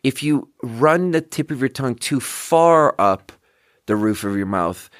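A man's voice: medium pitch, lively intonation, unhurried, no echo, studio quality. A man in his thirties, hosting a podcast, rants in a loose, self-mocking way and swears often. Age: 30s. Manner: self-deprecating, swears freely, jumps between thoughts. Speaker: podcast host. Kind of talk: casual comedic rant.

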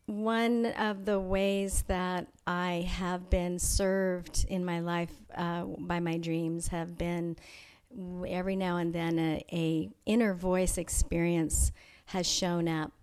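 A woman being interviewed, telling a personal story in a thoughtful, measured way with frequent pauses and restarts. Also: on the low side, little pitch movement, clear, resonant tone. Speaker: interview guest. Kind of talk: reflective personal storytelling in conversation.

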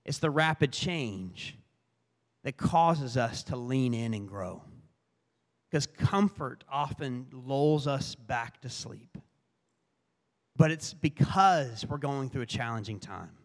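Male pastor, earnest sermon delivery in short phrases, slightly high voice, long hall reverb.

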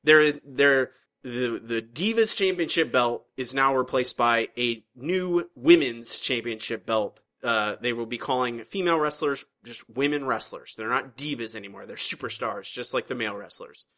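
Bright-voiced man recapping casually. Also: medium pitch, moderate pace. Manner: rambling, restarts sentences, recaps at length. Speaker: podcast co-host. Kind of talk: casual chat.

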